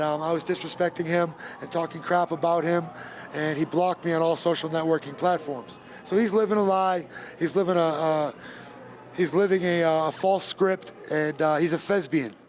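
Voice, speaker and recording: A man's voice: a little high, fairly even intonation, moderate pace, slight background noise. A man, a bare knuckle fighter, talking emphatically in a post-fight interview and repeating his points. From Gloucester, Massachusetts.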